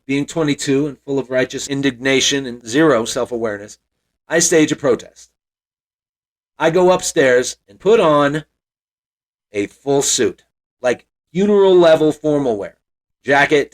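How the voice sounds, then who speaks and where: A man in his forties from Montana, telling a personal story as a podcast host in a reflective, wry, self-deprecating way. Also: medium pitch.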